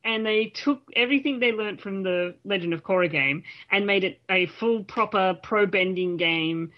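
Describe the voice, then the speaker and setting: A woman's voice: medium pitch, moderate pace, lo-fi sound. A woman hosting a casual podcast over a voice call, chatty and stumbling over her words. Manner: chatty, restarts often. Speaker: podcast host. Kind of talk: casual group chat on a call. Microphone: home mic on a voice call.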